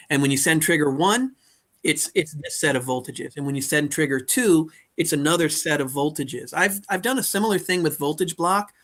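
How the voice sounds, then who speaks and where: Bright-voiced man explaining synth gear. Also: on the high side. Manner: rambling, restarts words while explaining gear. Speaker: co-host of a modular synth stream. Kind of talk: casual technical chat. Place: remote online call.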